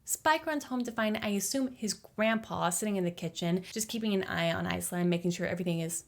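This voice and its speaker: A young woman talks through a film's plot in a casual, jokey way. Her delivery is slangy and playful, with plenty of asides, at a mid-range pitch. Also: brisk, vocal fry. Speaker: movie recap creator. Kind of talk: casual movie explainer.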